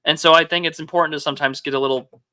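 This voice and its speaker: A man hosts a loose political chat, thinking out loud and firing off rhetorical questions. His voice sits a touch high and rings very bright and clear. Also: steady tone, racing. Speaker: podcast host.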